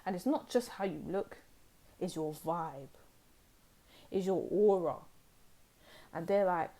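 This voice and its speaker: A young woman giving a pick-a-card tarot reading, talking in an emphatic, animated way and repeating phrases for stress. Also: on the low side, slow. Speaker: tarot reader.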